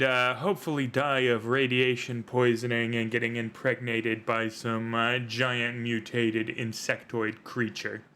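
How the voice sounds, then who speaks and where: A man's voice: mid-range voice, a bit bright. A man hosting a live tabletop role-playing stream as game master, joking and rambling with fillers.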